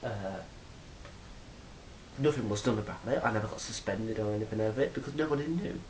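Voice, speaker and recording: A man's voice: fairly low pitch, fairly quick, a little hiss or hum, rough recording. A man telling stories in a rambling, casual monologue to a phone camera, swearing freely. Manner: rambling, swears freely, acts out quoted exchanges loudly. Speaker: vlogger.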